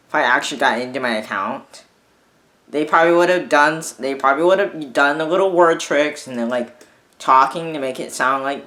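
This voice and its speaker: A man's voice: medium pitch, bright, forceful tone. A man, a vlogger, ranting in a casual monologue, exasperated, swearing often and restarting his sentences. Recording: echoey room.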